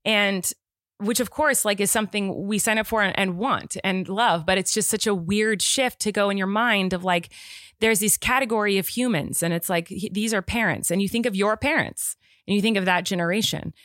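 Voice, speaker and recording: An animated woman co-hosting a casual podcast, her voice sitting at an ordinary middle pitch. She argues her points with insistence, and the recording is dry and close. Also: no echo. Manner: animated, argumentative, quick to insist. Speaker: podcast co-host. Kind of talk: casual chat.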